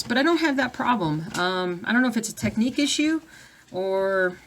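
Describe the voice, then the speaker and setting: A woman's voice: mid-range voice, animated, brisk, slight background noise. Chatty woman reading viewer comments. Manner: chatty, reads viewer comments aloud, distracted by her dogs. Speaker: cross-stitch vlogger. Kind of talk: casual live-stream chat. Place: home.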